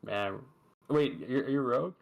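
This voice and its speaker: Gravelly man running a tabletop game. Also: medium pitch. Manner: chatty, quick bursts with many fillers. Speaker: dungeon master.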